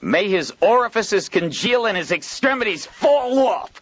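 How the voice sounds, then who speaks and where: A man voicing a hot-tempered male storesman who shouts curses in a rapid, slurred voice. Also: medium pitch, very animated, no echo, lo-fi sound, voice pushed up. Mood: furious.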